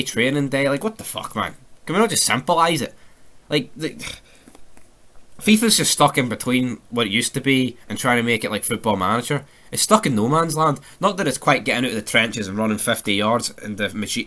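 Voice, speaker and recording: A man's voice: medium pitch, pushed and bright. A young Scottish man giving sweary, ranting casual commentary over a football video game career mode. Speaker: gaming YouTuber.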